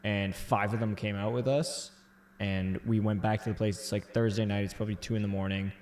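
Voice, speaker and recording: A young man co-hosting a casual late-night chat, telling stories excitedly with loud whoops. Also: on the low side, fairly quick. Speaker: comedian co-host. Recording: echoey room.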